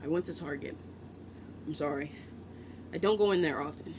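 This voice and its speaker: A man's voice: a little high, moderate pace, noisy background. A man from the United States chatting casually as a book vlogger, rambling and cutting into his own sentences with joking asides. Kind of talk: casual rambling vlog chat.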